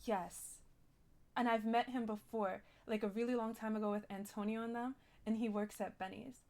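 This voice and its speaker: A woman's voice: on the high side, fairly even intonation, normal speed, darkish tone. A young woman telling a rambling, shaken story in character during a role-play game, full of "like" and restarts.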